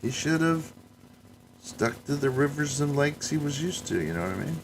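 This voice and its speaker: A man's voice: on the high side, animated, moderate pace, slight background noise. A man hosting a podcast, rambling and joking in casual chat. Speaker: podcast host.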